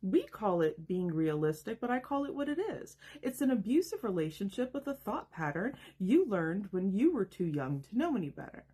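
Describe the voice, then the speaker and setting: A woman in her thirties speaks a scripted motivational monologue, her husky voice swinging widely in pitch. She leans on rhetorical questions and lets dramatic pauses land. Her tone is emphatic and direct. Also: sing-song, mellow. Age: 30s. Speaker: self-help video host.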